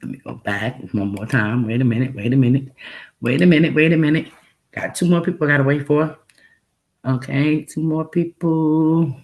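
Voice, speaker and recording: A woman with a Texan and New York accent talks slowly to her livestream viewers. She keeps repeating her phrases and laughing between them. Her voice has a gravelly, creaky edge. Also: a bass voice. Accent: mix of Texan and New York. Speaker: livestream host reacting to a video. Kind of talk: casual livestream chat.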